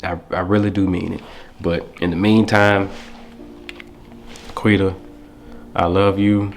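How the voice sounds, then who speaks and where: A man's voice: sits low, little pitch movement, takes it slowly, faint music behind. A young man vlogging to camera in a heartfelt, rambling way, speaking. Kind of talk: casual talk to camera.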